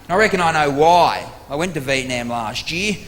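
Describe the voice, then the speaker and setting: A man doing stand-up comedy with an Australian accent, telling exasperated, profane stories with sudden loud outbursts to a live audience. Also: fairly high pitch, expressive, moderate pace. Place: large theatre stage before a live audience. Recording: live theatre recording with long hall reverb and audience noise.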